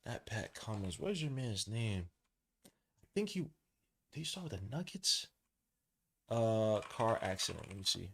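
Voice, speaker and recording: A man hosting a live watch-along podcast, giving casual play-by-play in a relaxed, slangy way and jumping from hushed commentary to loud excited outbursts. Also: on the low side, unhurried, creaky, pauses often, slight background noise. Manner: casual slang, talks to the listener like a friend. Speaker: podcast host calling a game.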